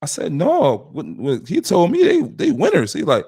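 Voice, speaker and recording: Man telling a lively story. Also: a little high, normal speed, gravelly, slightly rough. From West Philadelphia. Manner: acts out quoted dialogue with shifting voices. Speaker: podcast host. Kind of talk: animated storytelling.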